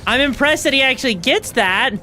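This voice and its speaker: A young woman streaming a video game, reacting excitedly, swearing freely and tossing in fillers and tag questions. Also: high voice, a little fast, soft background music. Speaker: VTuber streamer. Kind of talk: live gameplay commentary.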